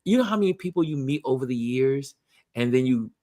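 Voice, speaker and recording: A man's voice: medium pitch, brisk, no room sound. Guy hosting a chatty show, bouncy voice, swings all over, dry sound. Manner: animated, acts out quoted voices. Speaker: host. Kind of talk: casual motivational chat.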